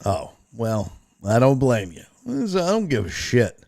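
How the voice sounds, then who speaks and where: Man, sports stream host, blunt and profane, lively swooping pitch, unhurried delivery. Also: vocal fry. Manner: profane, blunt, animated, mocking. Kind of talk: casual sports talk stream, reading chat.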